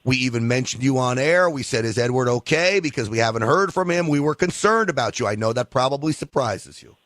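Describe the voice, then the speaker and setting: A man's voice: medium pitch, lively intonation, brisk, a bit bright, dry recording. Male radio host, studio mic, dry sound, teasing callers. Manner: teasing, jokey, laughs often. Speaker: radio talk show host. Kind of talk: talk radio chat. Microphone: studio microphone.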